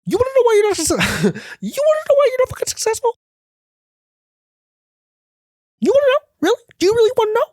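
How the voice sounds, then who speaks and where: A badgering hustle-culture guru who fires off money-and-grind lines almost faster than they can land, his voice pitched up high and pinched. The sound is close and dry, with no room around it. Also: huge pitch swings, a little mellow, no echo, full character voice. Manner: rapid-fire, pushy, badgering. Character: frantic hype-driven male hustle-culture guru, impression.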